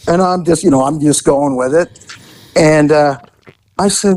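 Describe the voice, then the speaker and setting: A middle-aged man, once a police detective, telling crime stories in a casual, animated way and jumping into high voices when he quotes people. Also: normal speed, no room sound, rough recording. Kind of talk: casual storytelling.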